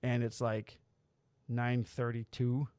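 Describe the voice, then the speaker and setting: Speaking slowly in a mid-range voice, a man on his podcast spins stories casually, voicing the quotes himself and cursing without restraint. The recording is dry.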